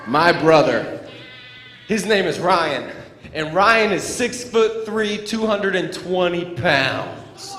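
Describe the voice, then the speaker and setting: A middle-aged man giving a playful, animated storytelling speech to students as a motivational speaker, in a large school hall. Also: high-pitched, slow. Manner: animated, playful, acts out sound effects. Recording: echoey hall with faint room noise.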